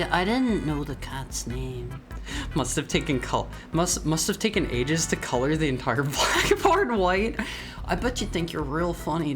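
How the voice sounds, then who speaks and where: A man streaming as a VTuber, chatting playfully with his viewers and teasing them. He keeps tripping into restarts, and his pitch swings up and down. Faint music plays softly behind him. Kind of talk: casual live-stream chat.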